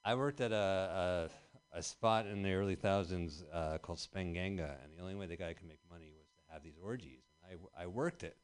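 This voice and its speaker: Deep-voiced man doing rambling stand-up. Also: brisk, clean tone. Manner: rambling deadpan delivery with bursts of loud emphasis. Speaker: stand-up comedian. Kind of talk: stand-up set at an open mic. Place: small comedy venue.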